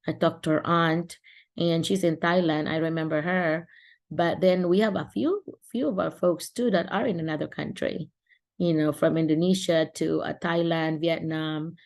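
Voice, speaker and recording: Hosting a support session over video call, a middle-aged woman from the Philippines gives relaxed advice, often restarting and filling pauses. She has a lowish, slightly mellow voice.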